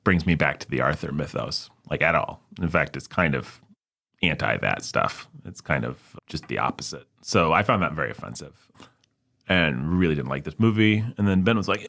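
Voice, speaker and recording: With a bass voice that's animated, a bit bright, and marked by vocal fry, a male movie podcast co-host rambles at a moderate pace. He mocks himself and does silly impressions of other people in a relaxed conversation.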